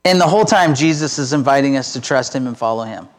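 A man's voice: medium pitch, animated, fast. A middle-aged man giving a conversational, self-deprecating sermon as pastor.

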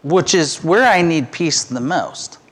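A man's voice: a little high, expressive, takes it slowly, a bit bright. A middle-aged man giving a conversational, self-deprecating sermon as pastor.

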